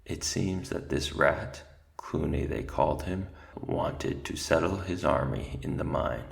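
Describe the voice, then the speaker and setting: A man reading aloud gives voice to an ancient male mouse archivist, doddering and forgetful, muttering little asides before settling into a grave recital. The voice sits very low and heavily gravelly. It is a storybook character, not a stage performance. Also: lively intonation, a little slow, heavily acted.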